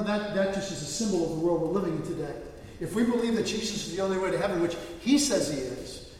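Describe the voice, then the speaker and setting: A male pastor preaching earnestly, telling a story and often restarting his words. His voice sits high for a man and rings through a large echoey hall from a distance. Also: darkish tone, a little hiss or hum. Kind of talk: sermon.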